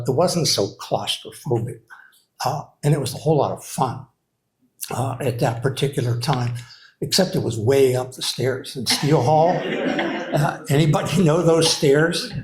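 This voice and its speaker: A man's voice: medium pitch, expressive, normal speed. An older man, a retired writing program director, gives rambling, hesitant memorial remarks to an audience, full of fillers and restarts. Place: hall with a live audience. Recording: echoey room.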